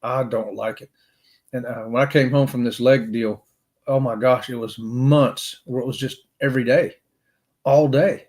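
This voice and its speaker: A man's voice: mid-range voice, fairly even intonation, measured pace, darkish tone. A middle-aged man, hosting a casual livestream in a folksy, upbeat way while reading chat comments. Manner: folksy and upbeat, says "y'all" often. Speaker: livestream host.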